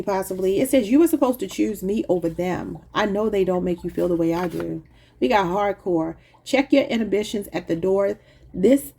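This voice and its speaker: A woman reads tarot cards in a loose, chatty way, talking straight to her viewers and breaking into laughter at her own words. Her voice is mellow and a little husky. She keeps the tone easy and conversational throughout. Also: mid-range voice. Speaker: tarot reader. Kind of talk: casual tarot reading to camera.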